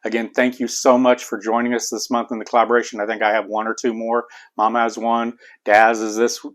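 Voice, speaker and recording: A man's voice: mid-range voice, level tone, brisk. A middle-aged man with an Appalachian accent, chatting casually to viewers as host of his home cooking channel. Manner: chatty, rambling, folksy. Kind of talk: casual cooking vlog talk. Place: home kitchen.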